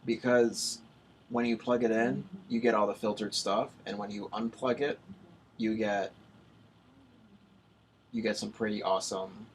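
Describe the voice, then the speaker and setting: A man's voice: on the low side, level tone, slight background noise. A young man hosting a casual late-night college radio chat, rambling and restarting his sentences often. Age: young adult. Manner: rambling, halting, many restarts.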